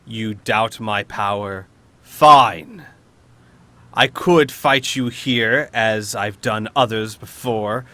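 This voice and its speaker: A man's voice: on the low side, pushed and bright, no room sound. A man doing an arrogant beholder overlord. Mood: menacing. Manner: slow, imperious, commanding delivery. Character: arrogant beholder arena master, male, menacing.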